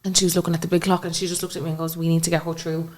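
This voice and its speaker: Rapid-fire and a little mellow, this young Irish woman's voice sits fairly low with a level tone. As a podcast guest, she shares an emotional personal story conversationally and performs the lines she quotes.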